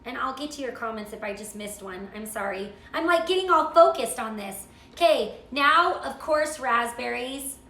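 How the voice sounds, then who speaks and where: Bubbly high-voiced woman cooking host. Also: lively intonation, normal speed, few pauses, sharp tone, roomy sound, a little hiss or hum. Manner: chatty, gushing, reads viewer comments. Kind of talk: live cooking stream chat.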